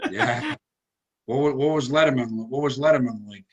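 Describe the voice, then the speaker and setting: A man's voice: mid-range voice, moderate pace, breathy edge. A man hosting a casual comedy chat over a video call, teasing his guests and laughing often. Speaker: host.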